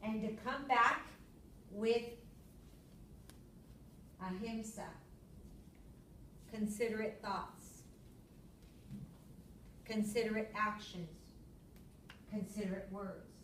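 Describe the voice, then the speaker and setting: Lively woman lecturing in an echoey classroom. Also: slow pace, long pauses, a little hiss or hum. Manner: lively storyteller, acts out her own yelling in a high voice. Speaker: yoga teacher. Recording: echoey room, far from the mic.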